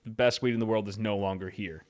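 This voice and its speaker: A man's voice: fairly low pitch, fairly even intonation, fast talker. A young man from California co-hosting a podcast in a laid-back, slangy way. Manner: laid-back, slangy, says dude a lot. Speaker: podcast co-host. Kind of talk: casual chat.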